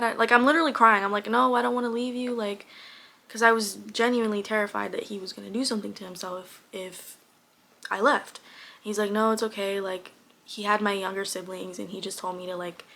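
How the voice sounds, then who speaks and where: Bright young woman telling a story. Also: medium pitch. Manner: candid, uses filler "like" often, swears. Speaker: vlogger. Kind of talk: casual personal storytelling.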